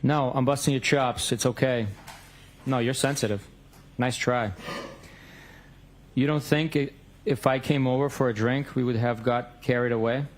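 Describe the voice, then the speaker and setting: A man's voice: medium pitch, fairly even intonation, moderate pace, pauses often, a little hiss or hum. A man in a courtroom reading out both sides of a text message exchange, stating the date and time of each message.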